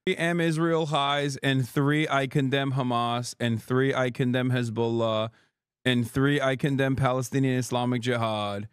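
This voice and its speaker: A man's voice: mid-range voice, flat delivery, a little slow, clean tone, dry recording, clean studio sound. A man hosting a livestream, reacting to news in a casual, sarcastic, profane, joking way. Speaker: streamer host.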